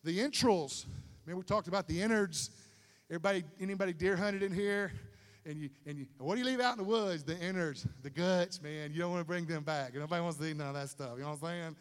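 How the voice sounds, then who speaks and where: A man preaching a sermon in a lively, conversational way with slang asides, in a large stadium. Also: on the high side, fast talker, clean tone. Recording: long hall reverb.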